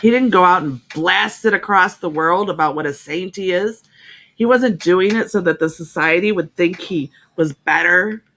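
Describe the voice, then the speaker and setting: A woman's voice: fairly low pitch, moderate pace, fairly bright tone. Woman radio host talking from the heart, emotional and emphatic, keeps repeating herself. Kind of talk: heartfelt motivational talk.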